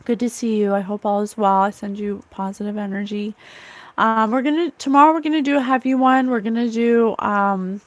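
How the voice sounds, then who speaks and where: A woman's voice: fairly high pitch, steady tone, brisk, dry recording. A woman hosting a livestream as a psychic medium, channeling spirits in an emotional, earnest way and laughing often.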